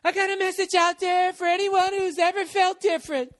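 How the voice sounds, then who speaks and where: A man putting on a high, drawn-out voice to mock a female pop star who milks her dramatic pauses. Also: flat delivery, fairly bright tone.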